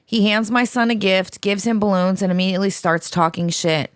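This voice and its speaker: A woman's voice: medium pitch, a little fast, dry recording, clean studio sound. A woman co-hosting a podcast, reading a listener's letter aloud in a blunt, profane, dramatic way.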